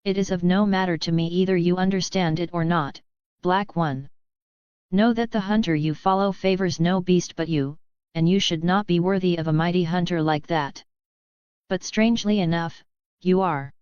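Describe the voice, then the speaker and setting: A woman's voice: lowish voice, normal speed, a little mellow, clear, resonant tone, dry recording, lightly acted. A woman voicing an ancient, proud wolf spirit who speaks in grave, formal language. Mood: solemn. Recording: dull lo-fi sound.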